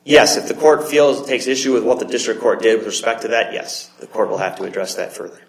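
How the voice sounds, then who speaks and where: A man, an attorney, arguing an appeal before judges in measured, hedged legal phrasing with frequent restarts. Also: fairly low pitch. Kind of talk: courtroom oral argument. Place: courtroom. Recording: roomy courtroom echo.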